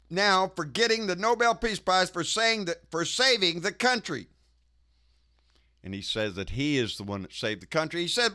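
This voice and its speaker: A man rants through his commentary in a high, bright voice. He is profane and folksy and keeps calling his listeners "baby.". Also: big pitch swings, moderate pace. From Texas. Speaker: political commentary host. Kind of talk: casual ranting commentary.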